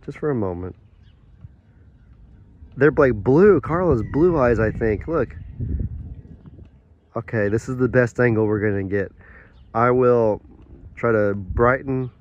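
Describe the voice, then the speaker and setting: A man filming a casual farm vlog outdoors on his phone, chatting in a rambling way and softly coaxing his animals. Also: medium pitch, slow pace, long pauses, lo-fi sound. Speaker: farm vlogger. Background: light wind outdoors.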